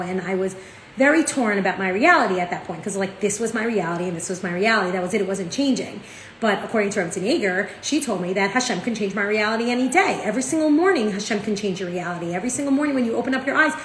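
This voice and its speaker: A woman teaching a casual Torah lesson. She tells stories in a chatty, animated way, often checking in with "right?". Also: medium pitch. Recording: echoey room with faint ambient noise.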